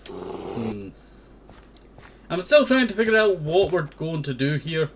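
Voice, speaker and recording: A man's voice: a little high, wildly swooping pitch, takes it slowly, vocal fry, breathy edge. A young man hosting a gaming channel, rambling and thinking aloud in casual let's-play commentary.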